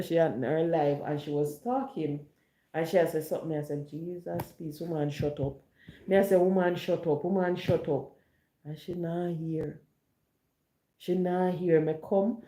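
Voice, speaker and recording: A woman's voice: fairly low pitch, dark tone. A woman with a Jamaican accent chatting to viewers, telling stories and mixing patois with standard English. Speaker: online chat host. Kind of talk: casual monologue to viewers. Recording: roomy echo.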